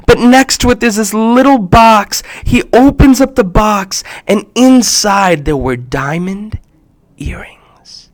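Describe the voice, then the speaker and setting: A man telling a personal story to children in an expressive way, acting out the voices and dropping to a hush at times. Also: high-pitched. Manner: expressive, acts out quotes, shifts between loud and hushed. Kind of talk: animated personal storytelling for kids.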